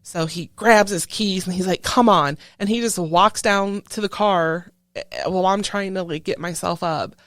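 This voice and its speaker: A woman who is a military veteran, telling a painful personal story in an interview in halting speech full of restarts. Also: fairly low pitch, no room sound, clean studio sound. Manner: halting, with many restarts, recounting a painful memory. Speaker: veteran guest.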